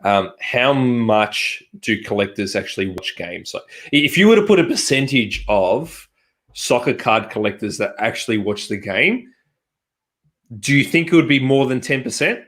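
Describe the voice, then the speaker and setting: A man co-hosting a relaxed podcast chat. He speaks at an ordinary middle pitch and drives his points home by repeating them for emphasis. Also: moderate pace. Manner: emphatic, repeats himself for stress. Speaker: podcast co-host.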